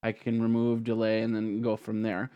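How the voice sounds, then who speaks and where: A man hosting a tech tutorial, talking casually through a software walkthrough with frequent ums and restarts. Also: lowish voice, completely flat delivery, moderate pace, clean tone, muffled recording. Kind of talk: screen-recorded software tutorial.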